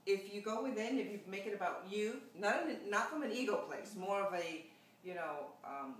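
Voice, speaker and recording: A woman actress, a guest in a casual spiritual chat, talking in an animated way and slipping into playful quoted voices. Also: mid-range voice, normal speed. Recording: very echoey room, mic at a distance, faint noise.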